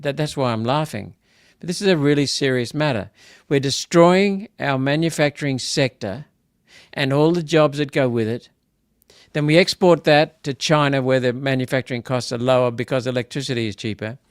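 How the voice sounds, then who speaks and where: A medium-pitched, smooth male voice, recorded in studio quality without echo. He's an Australian senator hosting live political commentary, chatting casually and repeating himself while indignation pushes him toward emphatic outbursts.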